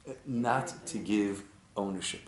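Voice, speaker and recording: Animated storytelling rabbi in an echoey room. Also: male voice, fairly low pitch, unhurried, slight background noise. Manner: conversational, animated storytelling, frequent "right?". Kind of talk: casual Torah class with congregants. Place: synagogue room.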